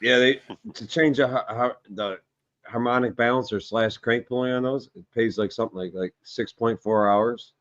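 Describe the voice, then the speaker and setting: A man's voice: medium pitch, steady tone, normal speed, a bit bright, dry recording, dull audio. A man from the Detroit area talking car repair in a blunt, mechanic-minded way, swearing casually. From Metro Detroit.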